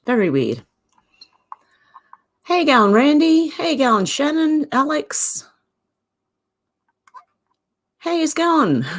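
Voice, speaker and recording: An Australian woman hosting a casual livestream, greeting viewers by name and reading their comments aloud. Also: mid-range voice. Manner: greets chatters and reads comments aloud, chatty. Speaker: livestream host. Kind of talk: casual live-chat talk.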